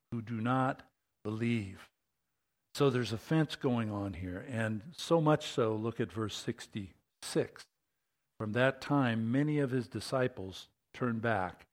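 A man preaching a sermon, conversational and animated, often asking his listeners questions. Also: lowish voice, slow pace. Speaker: pastor.

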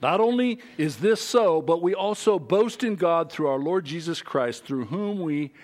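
A man preaching a sermon as pastor, emphatic and animated, acting out other people's voices and reading scripture aloud. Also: a little high, measured pace.

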